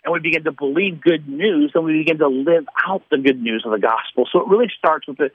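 A man's voice: fairly high pitch, quick pace, slightly rough, dry recording. A man calling in as a radio guest, telling faith stories in an earnest, rambling way with restarts, heard over a phone line. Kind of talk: testimony storytelling on radio. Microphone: telephone.

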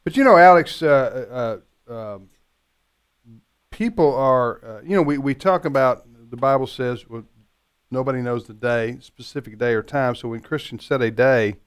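A man's voice: mid-range voice, normal speed, smooth. A man hosting a live talk radio program in the studio, chatty and joking, with frequent fillers. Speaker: radio talk show host.

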